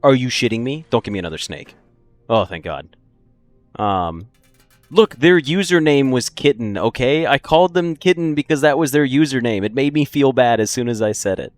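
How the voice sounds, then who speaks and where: A man's voice: mid-range voice, animated, moderate pace, no echo, soft background music. A young man casually commenting on his game for a live stream, joking, laughing and answering chat. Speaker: gaming streamer. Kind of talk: casual let's-play commentary.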